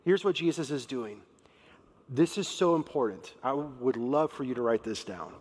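A man's voice: medium pitch, lively intonation, normal speed, darkish tone. A man preaching a sermon in a conversational, emphatic way, acting out quotes. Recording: long reverb of a large hall.

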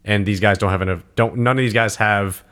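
A man's voice: on the low side, fairly even intonation, a little fast, fairly bright tone. A young man co-hosting a casual podcast, telling rambling stories and acting out the voices of people in them. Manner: rambling storyteller who acts out quoted voices. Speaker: podcast co-host.

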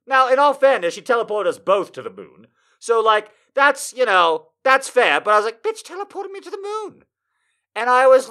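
Animated, high-voiced man telling a comic story. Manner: animated, profane, bursts into loud sung and shouted asides. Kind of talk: comedic storytelling monologue.

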